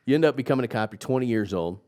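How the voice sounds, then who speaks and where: A man hosting an interview, animated and joking, pushing his guest with questions. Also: medium pitch, very fast. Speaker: interview host. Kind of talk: casual interview.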